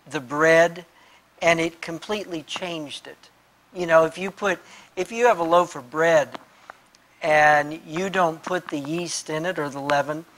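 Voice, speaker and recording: Slow, measured pastor explaining scripture. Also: male voice, on the high side, fairly bright tone, low-quality recording. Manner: addresses the interviewer by name often, with frequent restarts; explains with homely examples and quotes scripture. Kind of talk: answering questions in a Bible discussion.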